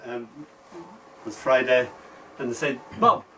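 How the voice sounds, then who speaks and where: A man's voice: medium pitch, expressive, moderate pace, a bit bright. An Irish man telling humorous stories and reading his poetry at an open mic night, chuckling between lines. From Ireland. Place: bookshop event, indoors. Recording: distant mic, faint room noise.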